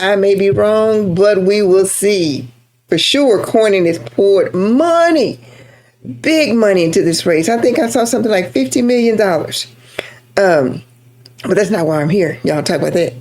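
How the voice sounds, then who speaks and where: A woman's voice: medium pitch, darkish tone. A woman from Texas with a Texan accent, talking politics to her viewers in a chatty, emphatic way and repeating points for emphasis. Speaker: political commentator. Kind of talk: casual political talk to camera.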